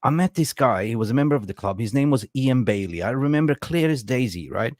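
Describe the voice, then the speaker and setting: A man hosting a casual football fan podcast, an animated storyteller who laughs often. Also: mid-range voice, quick pace, no echo. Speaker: podcast host.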